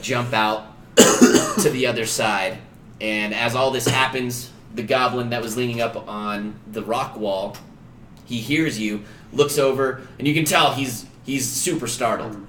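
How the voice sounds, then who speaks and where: A man's voice: medium pitch, fairly bright tone. A man casually narrating a tabletop game as game master, laid back and swearing freely. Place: home streaming room. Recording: roomy echo with faint ambient noise.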